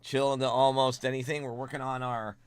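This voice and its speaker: A young man streaming from home, chatting casually with viewers while drawing, swinging between quiet mumbles and loud excited greetings. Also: medium pitch, a little fast, clean tone, no room sound.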